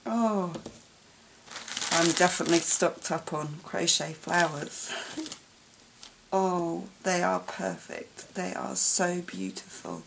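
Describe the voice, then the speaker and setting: A woman filming a craft gift unboxing vlog, gushing and gasping with delight and often dropping to a soft whisper. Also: on the low side, slow pace, vocal fry, a little hiss or hum, poor audio. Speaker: craft vlogger.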